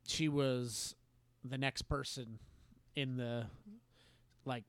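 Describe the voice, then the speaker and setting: A man telling a story in casual chat, halting and self-deprecating, laughing often. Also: medium pitch, fairly even intonation, dry recording.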